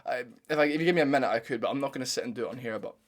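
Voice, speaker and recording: A man's voice: mid-range voice, rapid-fire. Profane young man ranting. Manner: blunt, profane, animated ranting. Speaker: MMA commentator channel host. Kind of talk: ranting reaction commentary.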